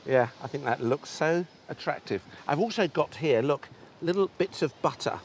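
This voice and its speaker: A man's voice: a little high, expressive, normal speed, a little hiss or hum. A man hosting an outdoor cooking show, chatting enthusiastically and talking straight to the viewers as he demonstrates. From England. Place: outdoors on a beach.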